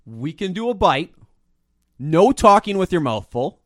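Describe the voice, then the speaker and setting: Podcast co-host, man, bright-ish voice, swings up and down, dry close mic, casual and profane. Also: high voice, measured pace, no echo. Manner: animated, swearing, laughing often. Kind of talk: casual chat.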